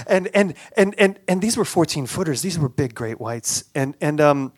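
A man telling a personal story aloud, halting and repeating words, with animated sound effects. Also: on the high side, breathy edge, dry recording.

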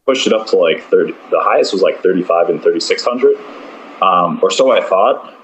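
A man's voice: low voice, lively intonation, a little fast, a little hiss or hum, low-quality recording. A man who is a podcast guest, chatting in a loose, rambling way with lots of fillers. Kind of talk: casual chat.

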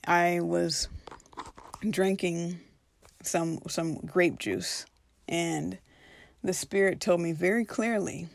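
A woman's voice: on the low side, takes it slowly, creaky, pauses often, no echo. A woman telling a personal spiritual story in an earnest, reflective way, now and then acting out her own past reactions.

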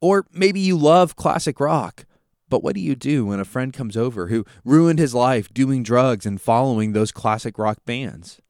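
A man's voice: medium pitch, expressive, unhurried, darkish tone, no echo, clean studio sound. A man hosting a Bible teaching podcast, explaining scripture through vivid, conversational storytelling. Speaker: podcast host.

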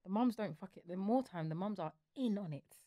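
Young woman, teasing, lively swooping pitch, dry close sound. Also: a little fast, dry recording. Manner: teasing, playful. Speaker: podcast co-host. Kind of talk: casual chat.

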